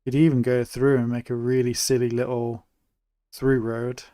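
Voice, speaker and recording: A young man from England giving relaxed, chatty live commentary while he plays a city-building game, thinking aloud as he goes. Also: medium pitch, normal speed, clean tone, dry recording, clean studio sound. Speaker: streamer.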